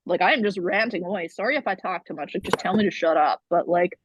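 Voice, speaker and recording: A woman's voice: lowish voice, fast talker, slight background noise. A woman in her twenties from Canada, a guest talking frankly and at length in an interview, swearing freely. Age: 20s. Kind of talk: candid conversational interview. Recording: slightly muffled lo-fi sound.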